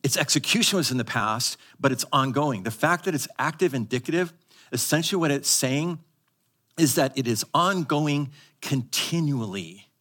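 A man preaching from the pulpit in a mid-pitched voice. He teaches with emphasis and asks the congregation to repeat words after him. He slides between quick asides and slow, stressed phrases. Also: lively intonation, fairly bright tone. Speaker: pastor. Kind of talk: live sermon to a congregation. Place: church service.

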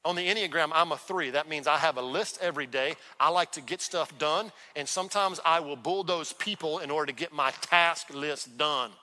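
A man preaching a sermon as a pastor in a church, talking conversationally and breaking into quick acted-out dialogues. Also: a little high, bright, forceful tone. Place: church sanctuary. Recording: long hall reverb.

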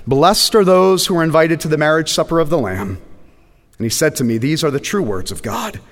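A man preaching a sermon as pastor, slowing down and dropping low and quiet on key words for emphasis. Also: big pitch swings, long reverb tail.

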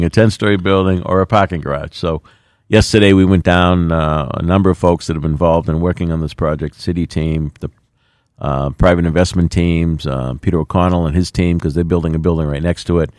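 In a radio interview, a middle-aged mayor talks in a plainspoken, folksy way, full of fillers. His voice sits low, and the recording is dry and studio quality.

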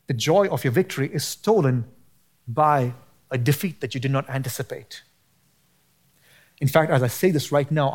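Guy preaching, pretty high voice, gets fired up and loud, throws in slang like bro and man. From United States. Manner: impassioned, rising to near shouting at peaks; casual slang mixed into preaching. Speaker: pastor. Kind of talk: sermon.

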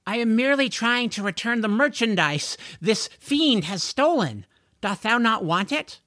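Man voicing a frantic, high-pitched young hero in a storybook read-aloud. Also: animated, measured pace, no room sound, clean studio sound, full character voice. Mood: stiffly formal. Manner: urgent, yelling. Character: frantic young man, pleading, oddly formal.

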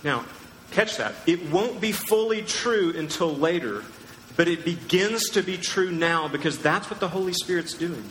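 A pastor preaching a sermon, teaching emphatically and asking the crowd questions. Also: male voice, on the high side, animated, moderate pace, fairly bright tone, a little hiss or hum. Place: large church hall. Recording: echoey church hall with long reverb.

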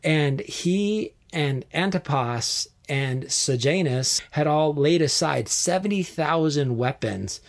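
A man hosting a podcast, casually retelling Bible history, animated and quick to laugh as he tells the story. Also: fairly high pitch, vocal fry. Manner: animated storyteller, laughs often, acts out quotes. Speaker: podcast host.

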